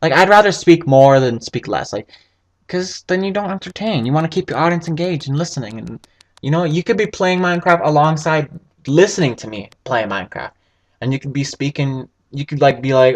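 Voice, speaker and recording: A man's voice: fairly high pitch, expressive, fast. A man rambling through casual gameplay commentary as a gaming video host, swearing freely.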